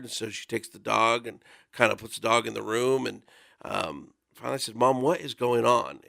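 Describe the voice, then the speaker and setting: A man in his forties tells a personal story in a radio studio, speaking earnestly with plenty of casual fillers. His voice is gravelly and bright, and the sound is dry and close. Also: fairly low pitch, dry recording. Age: 40s. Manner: earnest, conversational, with frequent fillers. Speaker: volunteer guest speaker.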